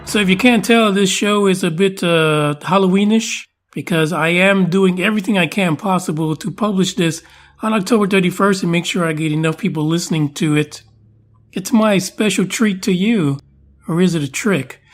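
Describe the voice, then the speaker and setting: A man's voice: sits high, moderate pace. A man hosting a podcast in a casual, jokey, chatty way with playful asides. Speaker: podcast host.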